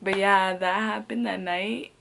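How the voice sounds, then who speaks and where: A woman's voice: medium pitch, fairly even intonation, measured pace, creaky, fairly bright tone. A young woman telling a casual storytime, rambling and swearing, with frequent "like" fillers and laughs between phrases. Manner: rambling, profane, peppered with "like". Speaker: vlogger.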